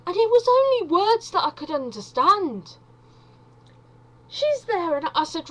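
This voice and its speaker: Slow-talking chatty woman, rambling stand-up. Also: very high-pitched, sing-song, rough recording. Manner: chatty, self-deprecating, wandering asides. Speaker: vlogger doing stand-up.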